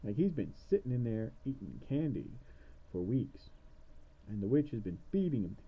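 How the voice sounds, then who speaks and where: A man's voice: medium pitch, big pitch swings, normal speed, slightly rough. A man retelling a fairy tale casually, rambling with sarcastic asides, on a dull lo-fi recording. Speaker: storyteller.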